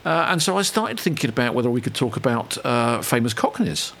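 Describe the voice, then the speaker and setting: A man's voice: medium pitch, sing-song, a little fast, gravelly, a bit bright, a little hiss or hum. An English man hosting a casual radio chat, rambling and teasing his co-host. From England.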